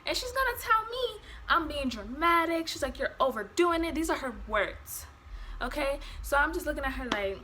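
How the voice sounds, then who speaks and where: A woman's voice: sits high, lively intonation, moderate pace, pushed and bright, slight background noise. A young woman telling a personal story in a casual vlog, acting out quotes and swearing freely. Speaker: vlogger.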